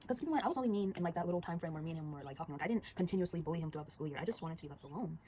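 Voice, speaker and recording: A teenage girl rattles through a gossipy storytime at a very fast clip, slangy and animated as she draws along. Her voice has a soft, mellow tone, with a faint room hum behind it. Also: fairly low pitch, rough recording. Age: teens. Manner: rapid, chatty, slangy, acts out voices. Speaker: storyteller vlogger. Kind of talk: casual storytime while drawing.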